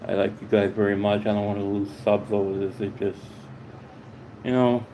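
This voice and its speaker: A man vlogging to his subscribers in a rambling, halting way, out of breath and repeating himself. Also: lowish voice, level tone, dark tone, slight background noise, rough recording. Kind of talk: casual heartfelt monologue to viewers.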